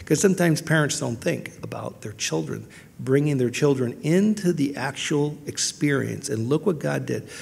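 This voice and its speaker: A man's voice: mid-range voice, lively intonation, moderate pace, creaky, darkish tone, husky. A man preaching a sermon as a pastor, earnest and storytelling, with frequent restarts. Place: large church hall. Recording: long hall reverb.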